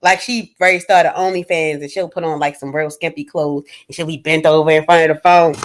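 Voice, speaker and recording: A woman holds forth on a livestream. She is blunt and profane, swearing freely as she talks to her chat. Her voice swings between loud bursts and low asides. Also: fairly even intonation, quick pace. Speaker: livestream host. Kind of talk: casual livestream rant.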